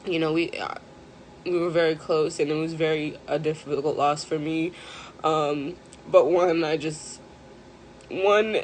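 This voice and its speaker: A woman's voice: sits low, fairly even intonation, a little mellow, slight background noise. Tearful, hesitant woman streaming live. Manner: hesitant, many pauses and fillers. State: close to tears. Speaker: mental health live streamer. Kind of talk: emotional live stream talk.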